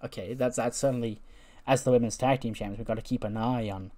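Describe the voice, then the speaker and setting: A man's voice: mid-range voice, steady tone, fast talker, mellow. A man casually narrating a wrestling management game, rambling with plenty of fillers. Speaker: game commentator.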